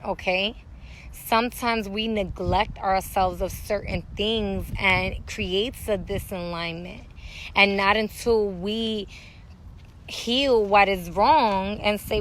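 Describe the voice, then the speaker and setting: A woman's voice: mid-range voice, steady tone, slow pace, slight background noise, low-quality recording. A woman who works as a spiritual healer, talking candidly and bluntly with frequent swearing in a casual vlog, recorded outdoors at a dog park.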